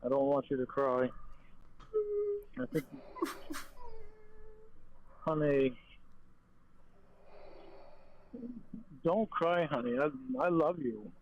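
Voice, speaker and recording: A man's voice: mid-range voice, takes it slowly, long pauses, slight background noise, close to an everyday voice. A man playing a jealous, possessive lover who talks bitterly and swears over a phone call. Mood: pleading. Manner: bitter, sneering and profane.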